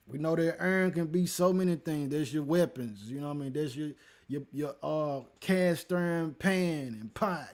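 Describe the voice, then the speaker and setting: A man's voice: a little high, darkish tone. Laid-back man hosting a scripture livestream. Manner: laid-back, talks to the chat, calls listeners man and y'all. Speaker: livestream host teaching scripture. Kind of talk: casual livestream talk and scripture teaching.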